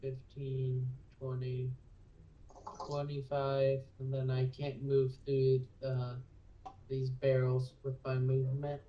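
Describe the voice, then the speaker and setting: A man playing a tabletop game, thinking aloud hesitantly with many pauses. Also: mid-range voice, completely flat delivery, lo-fi sound, slight background noise. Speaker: player. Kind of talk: casual tabletop play.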